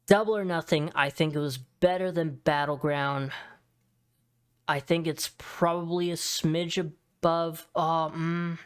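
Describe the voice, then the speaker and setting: A young man giving casual, excitable tier-list commentary, swearing freely and saying dude a lot. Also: a little high, slow pace, smooth. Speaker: wrestling video host.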